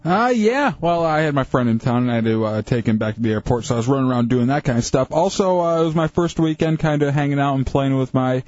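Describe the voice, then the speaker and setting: A man co-hosting a radio show, telling a story in an animated, ranting way with many fillers. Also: medium pitch, fast, few pauses, no echo. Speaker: radio co-host. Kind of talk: casual radio banter. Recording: dull lo-fi radio broadcast.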